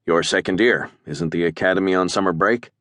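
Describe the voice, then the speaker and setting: A man's voice: sits low, brisk, fairly bright tone, no room sound. A man doing a dry, easygoing starship captain. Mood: wry. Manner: dry, wry understatement.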